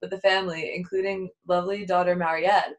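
A woman co-hosting a podcast, recapping a TV episode in casual chat with giggly, animated delivery. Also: lowish voice, fairly quick. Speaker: podcast co-host.

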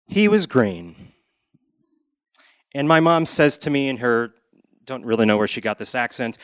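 This Connecticut man recounts a childhood tale live on stage, deadpan and wry, performing his relatives' quoted lines. He has a mid-range voice, speaks a little slowly, and pauses often. The sound is muffled with no room ambience.

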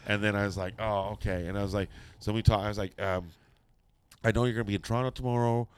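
It's a middle-aged man with a fairly low pitch, talking fast and smoothly. In casual conversation he delivers a long, swearing-filled tale, bringing its characters to life with quoted voices.

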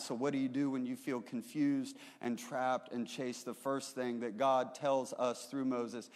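Pastor preaching in an echoing hall. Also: male voice, mid-range voice, unhurried, hardly any pauses. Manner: conversational storytelling, rising to emphatic preaching. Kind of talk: sermon. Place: church sanctuary. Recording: roomy hall reverb.

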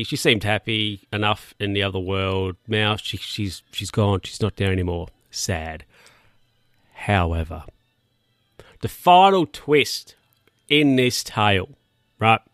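A man's voice: on the low side, fairly bright tone, dry recording, clean studio sound. A man casually recapping a film plot in a rambling, jokey way, with crude asides and lots of restarts. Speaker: film reviewer.

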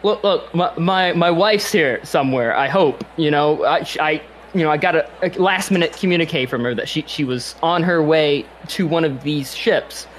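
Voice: mid-range voice, moderate pace, few pauses, a little hiss or hum, natural voice. A game master voicing an anxious young father who stammers and trips over his words while searching for his wife. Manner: flustered, stammering.

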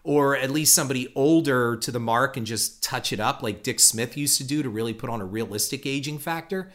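A middle-aged man hosts a solo podcast, rambling and opinionated, with many restarts and fillers. His voice is medium-pitched and a bit bright, and he talks a little fast.

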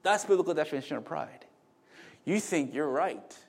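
A middle-aged male pastor delivering a sermon. His voice sits a little high and swings widely in pitch. He talks conversationally, turning to the congregation with asides and restarting his sentences. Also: lively intonation, normal speed, creaky.

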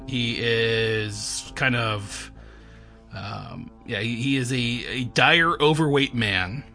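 A man running a tabletop game as game master, rambling and filling pauses with ums. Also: mid-range voice, creaky, pushed and bright, soft background music. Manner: rambling, many fillers.

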